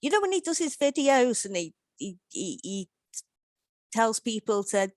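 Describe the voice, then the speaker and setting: A woman's voice: a little high, sing-song, unhurried, darkish tone, dry recording. Woman on a podcast, laughs a lot, self-deprecating, dry close sound. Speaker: podcast guest. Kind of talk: casual podcast chat.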